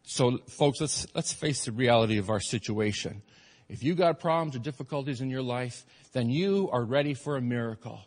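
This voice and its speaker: A man's voice: medium pitch, animated, a little fast, big-room sound. A middle-aged male pastor preaching a sermon in a church, earnest and emphatic, repeating his phrases for stress. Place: church sanctuary.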